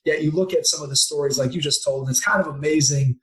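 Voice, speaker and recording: A man's voice: fairly high pitch, quick pace, a bit bright, rough recording. A man hosting a podcast, asking long rambling reflective questions. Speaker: podcast host. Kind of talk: casual interview talk.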